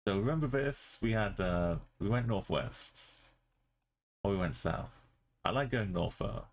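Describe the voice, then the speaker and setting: A man with a very low voice talks through a live stream in loose, easy chat. He mutters half-finished thoughts to himself, then turns to his viewers to muse and chat. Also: animated, a little slow. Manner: thinking aloud, musing and chatting with viewers. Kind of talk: casual live-stream commentary while playing.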